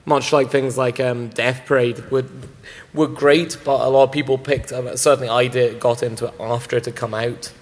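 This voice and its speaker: A man's voice: mid-range voice, level tone, moderate pace. A man chats on a convention panel, eager and rambling, full of likes and ums. His voice sits in the middle range and rings out with the long reverb of a big hall. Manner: enthusiastic, rambling with many fillers. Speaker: anime distributor panelist.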